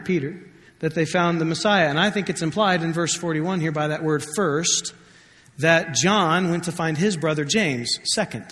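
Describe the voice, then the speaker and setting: Guy pastor preaching, higher voice, chatty with jokes, big echoey church. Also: fairly bright tone. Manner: conversational, joking asides, quotes scripture with shifting pitch. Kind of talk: sermon. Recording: long hall reverb.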